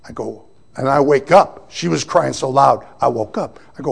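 A man giving a personal testimony, telling his story with animated storytelling and acting out the voices of the people he quotes. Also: mid-range voice, normal speed, vocal fry, breathy edge. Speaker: testimony speaker.

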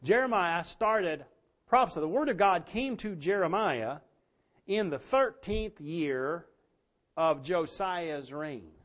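A man leads a Bible study in a conversational way, with plenty of ums and you-knows. His voice sits a little high, and he slows down to read scripture with deliberate emphasis. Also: animated. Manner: conversational, many fillers, reads scripture slowly and emphatically. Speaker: pastor. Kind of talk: bible teaching sermon.

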